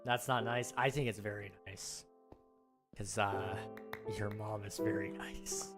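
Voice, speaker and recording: A hoarse man losing his voice, rambling and self-mocking while chatting casually on a livestream. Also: on the low side, fairly even intonation, a little slow. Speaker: game streamer. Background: music.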